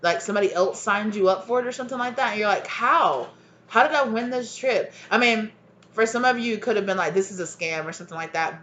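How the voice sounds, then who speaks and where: A woman's voice: lowish voice, fairly bright tone, highs cut off, a little hiss or hum. A woman giving a casual tarot reading to her viewers, rambling and chatty, laughing often and calling them y'all. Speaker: tarot reader.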